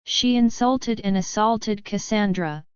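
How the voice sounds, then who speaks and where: Angry protective war god guy, a woman reading him, slow, dry clear sound. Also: mid-range voice, no echo, lo-fi sound, close to an everyday voice. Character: furious young male war god, protective.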